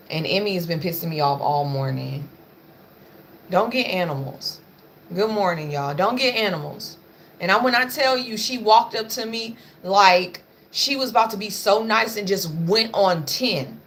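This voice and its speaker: Woman, livestream host, blunt and profane, bright forceful voice, faint noise behind. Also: medium pitch. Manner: blunt, profane, chatty, scolding her pets. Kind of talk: casual livestream chat.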